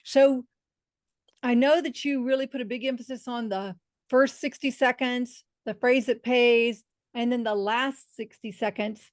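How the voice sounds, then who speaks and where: A woman host with a fairly high voice asks her guest questions in an appreciative, conversational way. Her voice is recorded close and dry, with no room sound. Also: steady tone, measured pace, no echo. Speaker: podcast host. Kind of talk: interview conversation.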